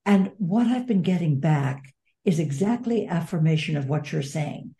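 Speak as a woman guest in a heartfelt interview. Your voice sits low and mellow, and you talk earnestly and reflectively, weighing each thought. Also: lively intonation, moderate pace. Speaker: guest author and advocate. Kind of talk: interview conversation.

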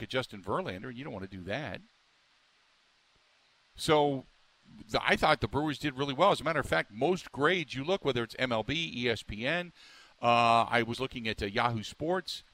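A man's voice: medium pitch, a bit bright, dry recording. A man hosting a sports talk radio show, rambling and emphatic, stumbling through restarts as he riffs on the local team.

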